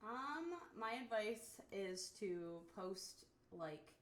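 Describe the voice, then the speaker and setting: A woman's voice: mid-range voice, sing-song, extremely slow. A woman hosting a casual live stream, answering fan questions with a hesitant, laughing manner. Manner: laughing, hesitant with many ums. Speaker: streamer and show creator.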